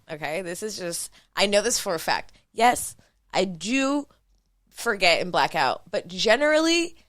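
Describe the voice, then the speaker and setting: Woman, 30s, podcast co-host, emphatic, lively pitch, dry close mic. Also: dry recording. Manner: quick, emphatic, explaining herself. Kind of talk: casual chat.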